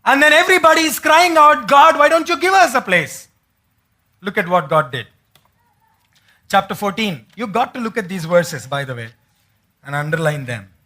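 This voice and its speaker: A man's voice: high voice, lively intonation, normal speed, long pauses, sharp tone. A man preaching a sermon as pastor in a church, asking the congregation questions and acting out the words of biblical figures.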